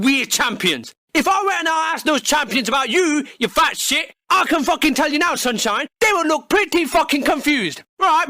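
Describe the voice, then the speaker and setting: A man with a strikingly high, squeaky voice tears into his target in a profane, mocking comedic rant. His pitch leaps around with lively energy, and the bright, edgy tone sits close and dry with no room around it. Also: dry recording. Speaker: channel host.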